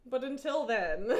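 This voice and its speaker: A woman streaming a game from home, chatting casually, laughing often and cooing to her cat. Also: sits high. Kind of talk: casual live-stream chat while gaming. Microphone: headphones on, desk setup.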